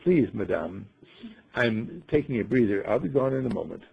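A wise male talking bird from a spoken storytelling, patient and gently lecturing, as a man puts him on. The voice is gravelly and very husky. It sounds like a dull, lo-fi recording. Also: medium pitch, expressive, moderate pace, exaggerated voice. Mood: chiding.

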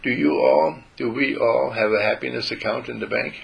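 A man giving a gentle spiritual talk to a group, telling stories and acting out how he talks to his dog. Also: mid-range voice, expressive, normal speed, creaky, lo-fi sound.

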